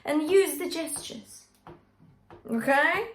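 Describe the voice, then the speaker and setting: Animated and fairly bright, this woman's voice sits on the high side and moves at normal speed. She's a vocal coach in an echoey room, explaining technique, singing brief demonstrations and checking in with "yeah?" and "okay?"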